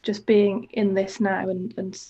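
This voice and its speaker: A woman's voice: mid-range voice, flat delivery, measured pace, mellow, slightly rough, muffled recording. A woman co-hosting a coaching podcast, talking in a casual, enthusiastic, rambling way with many "like" fillers. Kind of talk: casual reflective conversation.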